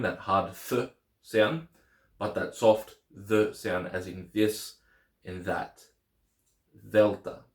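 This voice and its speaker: A man's voice: fairly low pitch, reverberant. A man teaching the Greek alphabet in a casual lesson, patiently repeating each letter name.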